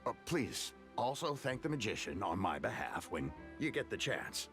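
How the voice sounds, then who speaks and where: A man's voice: lowish voice, very animated, moderate pace. An actor playing a polite young man in a game, courteous and apologetic. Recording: game audio under music.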